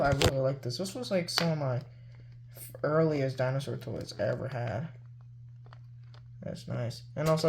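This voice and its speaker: A man's voice: on the high side, a bit bright, a little hiss or hum. A man showing off his toy collection in a loose, rambling way, with plenty of "like" and "you know". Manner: loose and easygoing. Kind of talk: casual show-and-tell.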